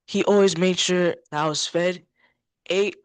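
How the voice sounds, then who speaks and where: An emotional man, a family member, speaking slowly and haltingly at a memorial service. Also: high voice, fairly even intonation, clear, resonant tone, no room sound. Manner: slow, simple and halting. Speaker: family member giving a eulogy. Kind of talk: memorial eulogy.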